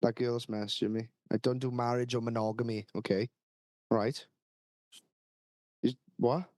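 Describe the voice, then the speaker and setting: A man's voice: mid-range voice, flat delivery, moderate pace, warm tone, dry recording, clean studio sound. A man on a podcast, telling stories animatedly, laughing and swearing often. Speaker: podcast co-host. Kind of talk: casual storytelling chat.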